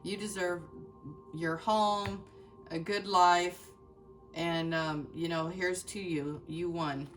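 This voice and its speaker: A woman with a fairly low voice gives an earnest, emotional tarot reading, talking straight to her viewers and restarting her thoughts often. She sits a little back from the mic, and soft music plays faintly underneath. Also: fairly even intonation, slow pace, recorded from a distance. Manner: earnest and heartfelt, addresses viewers directly, many fillers and restarts. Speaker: tarot reader.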